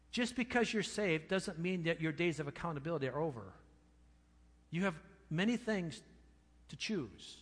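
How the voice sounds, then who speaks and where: A pastor preaching a sermon, stressing key words with slow, emphatic repetition. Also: male voice, on the high side, a bit bright. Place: church sanctuary. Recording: long reverb of a church hall.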